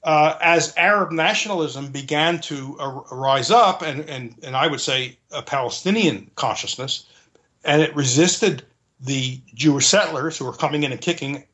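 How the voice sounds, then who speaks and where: Male interview guest with a slightly raised pitch, earnest and searching for words, restating his points as he explains. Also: normal speed, bright, forceful tone. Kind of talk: conversational explanation.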